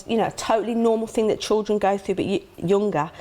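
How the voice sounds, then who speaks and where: A middle-aged woman talks openly and emotionally as an interview guest. She tells her memories quickly, acting out remembered conversations, and her voice jumps high when she gasps. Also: warm tone. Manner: emotional, acts out quoted dialogue with sudden high gasps. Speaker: interview guest, grieving mother.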